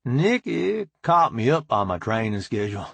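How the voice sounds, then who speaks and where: Gravelly, husky male audiobook narrator. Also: medium pitch, big pitch swings, moderate pace, a bit bright, no room sound. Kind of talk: first-person scripted narration.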